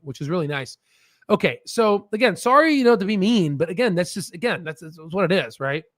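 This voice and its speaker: Excitable male stream host, high-pitched, dry close sound, profane and mocking. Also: dry recording. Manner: excitable, swears, mocks in shrill put-on voices. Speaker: stock market livestream host. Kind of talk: casual livestream rant.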